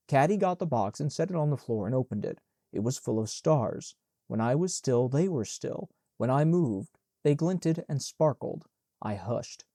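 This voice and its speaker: A man reading an audiobook in a measured, unhurried narration. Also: medium pitch, animated, dark tone, no echo, clean studio sound. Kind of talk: scripted narration.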